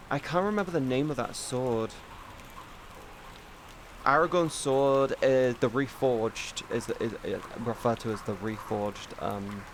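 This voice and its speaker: A man chatting casually on a live stream, rambling and excitable, swearing often and restarting sentences. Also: mid-range voice, vocal fry, a little hiss or hum.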